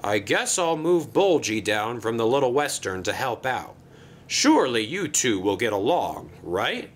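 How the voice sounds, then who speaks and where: A man plays a stern, pompous railway boss from a children's story. He speaks in a formal, measured way, with a lively rise and fall in his pitch. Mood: firm.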